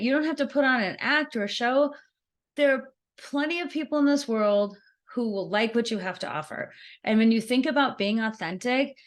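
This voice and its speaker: A woman giving a networking skills workshop, talking in an animated, conversational way and laughing easily as she acts out examples. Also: mid-range voice. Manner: laughs easily while explaining. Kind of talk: workshop presentation.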